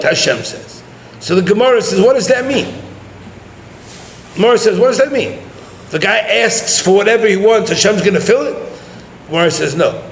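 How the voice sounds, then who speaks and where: Rabbi, high voice, lecturing and quizzing students in a reverberant hall. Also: male voice, a little hiss or hum. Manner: mixes Hebrew and Yiddish terms into English, addresses listeners directly. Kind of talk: Torah lecture.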